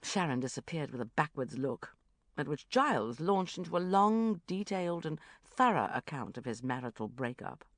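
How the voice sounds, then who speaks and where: Woman audiobook narrator, wry first-person storytelling, lively pitch, dry close recording. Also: moderate pace, no room sound.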